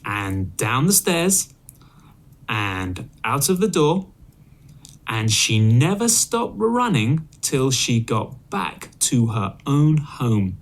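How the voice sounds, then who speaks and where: A man reading a children's story aloud, clearly and expressively, for English learners. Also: medium pitch, very animated, slow pace.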